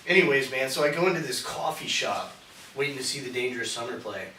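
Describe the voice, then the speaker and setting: Podcast co-host, male, bright, loose, profane storyteller; roomy room, off-mic, faint hiss. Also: mid-range voice, lively intonation, quick pace, recorded from a distance. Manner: rambling, profane, says "dude" constantly. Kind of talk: casual storytelling chat.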